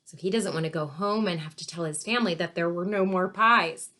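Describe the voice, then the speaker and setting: A woman teacher reading a storybook to children, pausing to ask questions and explain words. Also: on the low side, pushed and bright. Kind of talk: read-aloud story lesson for children.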